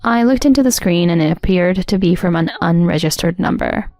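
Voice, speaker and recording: A woman's voice: on the low side, brisk, no room sound. Woman narrating a story, dry close sound. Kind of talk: scripted first-person story narration. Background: soft music.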